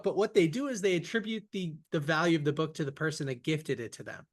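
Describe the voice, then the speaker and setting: A man's voice: fairly high pitch, fast talker. A young man hosting a podcast over a video call, speaking in an enthusiastic, upbeat way as he tells stories. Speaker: podcast host. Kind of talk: casual podcast interview.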